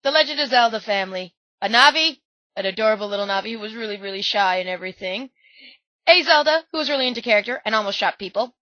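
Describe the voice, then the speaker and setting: Gushing young female vlogger, squeals a lot, voice sore and strained; slightly high, bright delivery on a dull, dry lo-fi recording. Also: animated, quick pace, no echo. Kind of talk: slideshow commentary.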